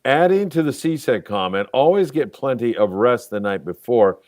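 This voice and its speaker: Hosting a laid-back fishing chat show, this sixty-something man spins stories, cracks jokes, and reads out comments from viewers. His voice is medium in pitch, animated and slightly mellow, delivered at a moderate pace with no room sound.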